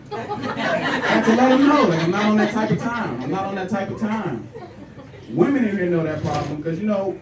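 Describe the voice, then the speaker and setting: A man doing a stand-up comedy set in a comedy club, animated and teasing, talking straight to the crowd. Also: high-pitched, slight background noise. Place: comedy club stage with a live audience. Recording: echoey club room from far off, loud crowd laughter.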